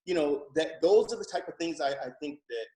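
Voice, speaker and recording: A man's voice: on the high side, animated, a little fast, warm tone. Thoughtful man in an echoey room. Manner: thoughtful, hesitant, repeats phrases. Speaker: panelist. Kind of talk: panel discussion.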